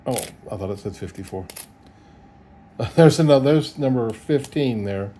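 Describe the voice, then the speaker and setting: A man's voice: medium pitch, expressive, moderate pace, warm tone, slight background noise. A middle-aged man, chatting casually and chuckling as he sorts coins on camera. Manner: chuckling, easygoing, folksy, thinks aloud. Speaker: coin roll hunter. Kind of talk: casual solo video commentary.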